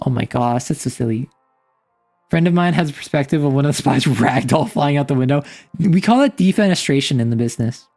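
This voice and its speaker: A giggly, teasing woman chats casually on her live stream. Her pitch bounces around animatedly from line to line, and soft music plays underneath. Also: lively intonation, a little fast.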